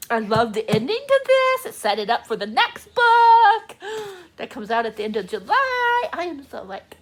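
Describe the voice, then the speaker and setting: A woman chatting casually in a book vlog, gushing and excitable, laughing often, talking from a room at home. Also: high-pitched, moderate pace, a little hiss or hum. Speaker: book vlogger. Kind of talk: casual reading vlog chat. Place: home room with door open.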